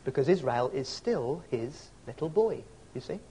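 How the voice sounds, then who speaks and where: A man's voice: mid-range voice, animated, normal speed, warm tone, a little hiss or hum. A man preaching a sermon in a reflective way, asking rhetorical questions and reading scripture aloud. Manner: reads scripture and poetry aloud.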